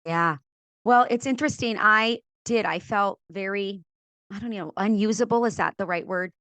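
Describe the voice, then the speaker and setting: A middle-aged woman from California, a podcast guest and author, telling her faith story in an animated way, acting out quoted voices and laughing often. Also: medium pitch, normal speed, dry recording. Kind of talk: animated testimony in a faith interview.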